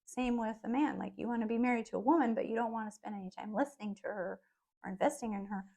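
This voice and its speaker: A woman's voice: fairly high pitch, quick pace, vocal fry, darkish tone. A woman co-hosting a podcast with her husband, speaking frankly and matter-of-factly with emphatic rhetorical questions. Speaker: podcast co-host. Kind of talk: casual chat with her husband.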